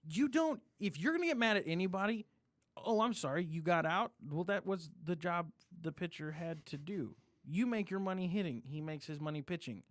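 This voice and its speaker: Sports show guy, high voice jumping all over, dry sound, hammers his points home. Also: expressive, brisk, few pauses, no echo. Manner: emphatic, opinionated, repeats points for stress. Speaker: podcast co-host. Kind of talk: casual sports talk.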